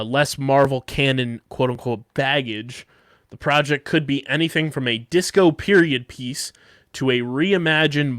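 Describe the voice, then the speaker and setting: A man hosts a casual podcast, running through news and a sponsor read in a conversational, filler-heavy way. His mid-range voice is a bit bright, and the clean studio recording has no room sound.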